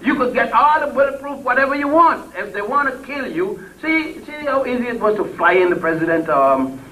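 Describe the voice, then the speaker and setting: An older man giving an impassioned speech to a crowd, blunt and salty. He swings between loud peaks and low murmurs and chuckles as he tells stories. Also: lively intonation, brisk. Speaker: public speaker. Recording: distant mic with faint background noise.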